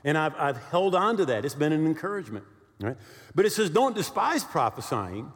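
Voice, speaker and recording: A man in his sixties preaches in a church hall with a long reverb. His voice sits fairly high and swings up and down as he tells stories and keeps checking in with his listeners. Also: moderate pace. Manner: animated storytelling with many "right?" check-ins. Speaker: pastor. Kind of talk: sermon.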